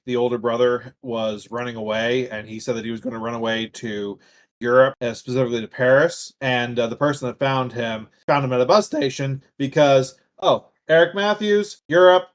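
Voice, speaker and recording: A man co-hosting a podcast, chatting casually and telling joking tangents. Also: medium pitch. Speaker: podcast co-host. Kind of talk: casual chat.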